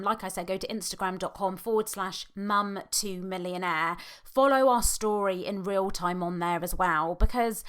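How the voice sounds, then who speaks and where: A British woman in her thirties hosting her own podcast, talking in a halting, emotional way and close to tears. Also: medium pitch, a bit bright, clear, resonant tone. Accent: British English. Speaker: podcast host; hypnotherapist. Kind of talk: personal podcast monologue.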